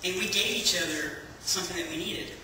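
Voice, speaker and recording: A man's voice: high voice, a little fast, sharp tone, slight background noise. A man giving a chatty personal testimony to a church congregation, telling his story with plenty of fillers. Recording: echoey hall from far off.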